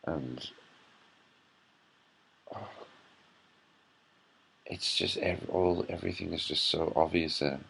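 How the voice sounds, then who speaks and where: Very deep, gravelly hungover man ranting. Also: steady tone, slow pace, long pauses, fairly bright tone. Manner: irritable, swearing, sighing rant. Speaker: vlogger. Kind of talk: ranting running commentary.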